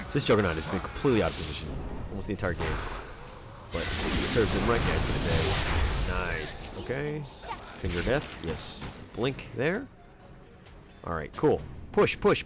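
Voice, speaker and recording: A male coach talks through a player's match replay with a lively, swinging pitch. He reacts sharply and repeats urgent instructions. Clear background music plays under his voice. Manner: animated, exclaims and repeats urgent commands. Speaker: game coach reviewing a viewer's replay. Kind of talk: replay analysis commentary.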